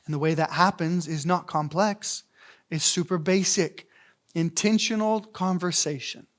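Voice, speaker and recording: A man's voice: fairly high pitch, a little slow. A man preaching a sermon as a pastor in a church, emphatic, repeating key phrases for weight. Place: church sanctuary.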